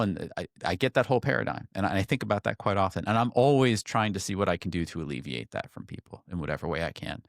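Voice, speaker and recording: A man in his thirties, co-hosting a podcast, telling a personal story in a lively way and acting out the voices of the people in it. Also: fast talker, gravelly, few pauses, dry recording, clean studio sound. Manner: animated, acts out quoted voices in a higher pitch. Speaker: podcast co-host. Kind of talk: casual storytelling chat.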